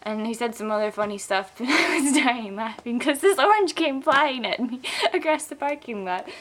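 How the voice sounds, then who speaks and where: A tipsy young woman rambles through a story with a slightly high voice, giggling as she goes. She fills her talk with likes and ums, speaking into a handheld camera mic. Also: animated, normal speed, a bit bright. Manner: giggly, rambling, full of fillers. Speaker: vlogger. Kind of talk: casual rambling vlog rant.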